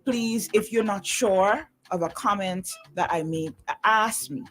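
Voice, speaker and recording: A woman's voice: mid-range voice, unhurried, a bit bright. A woman hosting a radio call-in show, speaking firmly and with a scolding tone to a caller. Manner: firm, scolding. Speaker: radio talk show host.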